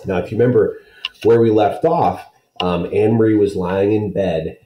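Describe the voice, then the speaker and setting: A man's voice: lowish voice, steady tone, normal speed, warm tone, roomy sound, a little hiss or hum, poor audio. A man, a teacher, reading a children's novel aloud to students, friendly and checking in with listeners.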